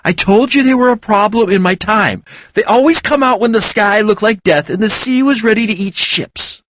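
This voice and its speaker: A man's voice: sits high, normal speed, fairly bright tone, no room sound, pitched above the performer's own voice. A man voicing an insistent, raised-voice warner. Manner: insistent, urgent.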